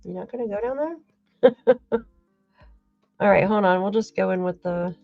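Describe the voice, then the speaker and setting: A woman's voice: medium pitch, moderate pace, gravelly, no echo, phone-quality sound, faint music behind. A woman hosting a true crime livestream, talking emotionally and thanking viewers as she rambles. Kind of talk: casual livestream commentary.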